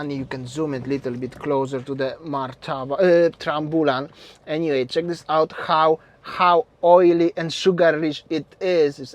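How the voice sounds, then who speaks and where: A man hosting a travel food vlog outdoors at a street food stall, excitable, laughing often, and talking in loose, non-native English. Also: a little high. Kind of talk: casual vlog commentary. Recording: outdoor street noise behind.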